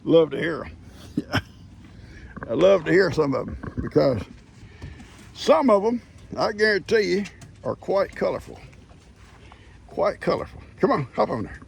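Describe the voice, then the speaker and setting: Older man, farm vlogger, heavy vocal fry, easygoing rambling chat, outdoors with faint background hum. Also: high voice, animated, moderate pace, long pauses. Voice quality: gravelly. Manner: folksy storyteller, chuckles often.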